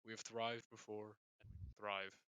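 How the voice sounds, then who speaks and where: A man voicing a stately king giving a grave, slow public speech. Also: flat delivery, slight background noise, rough recording. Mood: solemn. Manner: slow, grave, low and quiet.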